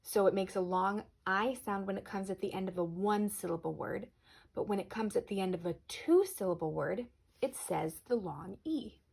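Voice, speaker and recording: A woman teacher giving a recorded spelling lesson to children, patient and clear, slowing down on example words. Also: medium pitch, a little mellow.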